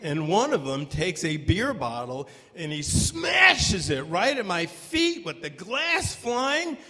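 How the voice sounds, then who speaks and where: Guy telling a story on stage, really animated, bright high voice, long echoey hall. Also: takes it slowly. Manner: animated, bursts into shouts at tense moments. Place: stage before a live audience. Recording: long hall reverb from a live venue.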